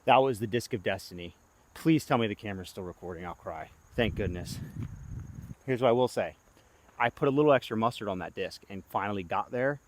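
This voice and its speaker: Excitable young man narrating his throws outdoors. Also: lowish voice, a little fast, slight background noise. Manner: excitable, talks to himself between throws, pleading and groaning. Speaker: disc golf vlogger. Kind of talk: self-filmed play-by-play commentary. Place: outdoor disc golf course.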